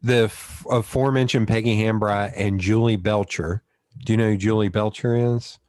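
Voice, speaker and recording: A Southern man hosts a relaxed conversational interview. His voice sits on the low side and sounds dry and close, and he drifts through long anecdotes with quick asides. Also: no room sound. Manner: rambling storyteller, quick asides. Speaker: podcast host.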